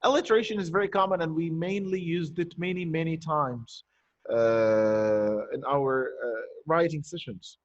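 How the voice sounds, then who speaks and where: Man teaching online, high voice, dull lo-fi call audio, explains step by step. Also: a little slow. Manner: explains step by step, asks and answers his own questions. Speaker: primary school teacher. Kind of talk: online poetry lesson.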